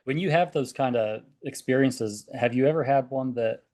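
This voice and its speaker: A man's voice: medium pitch, normal speed, dark tone. A man hosting a podcast, asking a thoughtful, probing question in casual talk. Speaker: podcast host.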